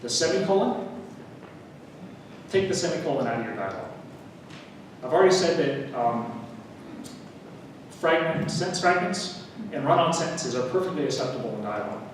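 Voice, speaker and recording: Man, workshop lecture, relaxed and wry, distant mic, hissy background. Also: fairly high pitch, a little fast, long pauses. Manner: relaxed teaching with fillers, wry asides. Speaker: writing workshop speaker. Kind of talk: lecture at a writers' meeting. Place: meeting hall. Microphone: room recording from a distance. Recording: echoey hall recorded from far off with noise.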